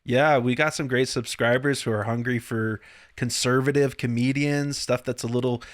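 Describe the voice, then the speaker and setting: A man's voice: medium pitch, steady tone, moderate pace. Male online host, friendly and laughing easily, interviewing a guest over video call. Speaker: channel host. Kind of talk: casual interview chat.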